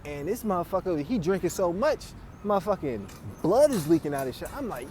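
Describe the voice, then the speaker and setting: A man's voice: high-pitched, big pitch swings, brisk, hardly any pauses, mellow, a little hiss or hum. A man telling stories in casual, profane chat, laughing often. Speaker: podcast host.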